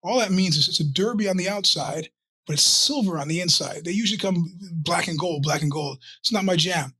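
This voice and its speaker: A man hosts his own podcast in a loose, rambling monologue, cutting himself off and swearing often. His voice is forceful and bright with a husky grain, pitched a bit high for a man. The sound is dry and close. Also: brisk, no room sound. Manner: rambling, profane, self-interrupting. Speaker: podcast host. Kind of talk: casual monologue.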